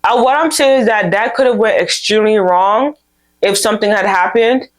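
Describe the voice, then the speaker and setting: Young woman vlog host, mid pitch, casual and candid, animated when quoting people. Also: moderate pace. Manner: candid, animated storytelling with quoted dialogue. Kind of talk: casual advice talk to camera.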